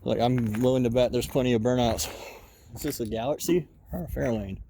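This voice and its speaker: A man's voice: medium pitch, brisk, gravelly, mellow, slight background noise. A man giving casual walk-around commentary at an outdoor junkyard, muttering running remarks to himself as he browses. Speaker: car hobbyist vlogger.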